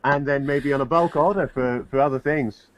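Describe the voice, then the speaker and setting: A man's voice: mid-range voice, normal speed, close to an everyday voice. A man voicing a male tavern owner who haggles over damages and a bulk deal. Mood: bargaining. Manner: wheedling, bargaining. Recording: dull lo-fi, faint noise.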